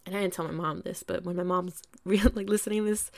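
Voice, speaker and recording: A woman's voice: lowish voice, fairly even intonation, fast, gravelly. A young woman hosting a podcast, telling a story in a casual, chatty way, full of "like" and mild swearing. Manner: chatty, swears freely, lots of "like". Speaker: podcast host.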